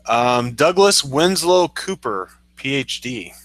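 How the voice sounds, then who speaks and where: A man co-hosting a casual business podcast, relaxed and easygoing, laughing easily and using lots of fillers. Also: mid-range voice, takes it slowly. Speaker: podcast co-host.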